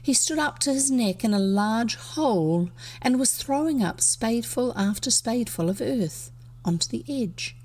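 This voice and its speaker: A woman's voice: on the high side, moderate pace. A woman with a New Zealand accent reading a children's book aloud, with casual asides to listeners. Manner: steady storybook narration with asides. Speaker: reader.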